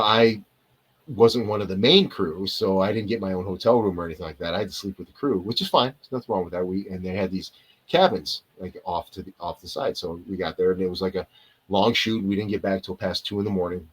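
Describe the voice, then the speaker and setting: A man with a low, husky voice tells behind-the-scenes stories as a guest on a video call. He wanders off on tangents and circles back to his point. The delivery is casual and chatty. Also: a little fast, rough recording. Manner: rambling, digressive, loses and returns to his point. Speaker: actor, interview guest. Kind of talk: casual storytelling in a live interview.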